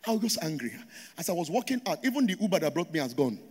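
A man's voice: fairly high pitch, very animated, rapid-fire, darkish tone, breathy edge. A Nigerian man preaching a sermon to a congregation in a church auditorium, drawing call-and-response from the crowd. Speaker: pastor. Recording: long hall reverb.

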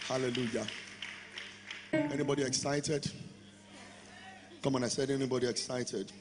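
A man's voice: mid-range voice, steady tone, normal speed. A man preaching a sermon as pastor, leading the congregation in call-and-response. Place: large church hall. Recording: long hall reverb with music.

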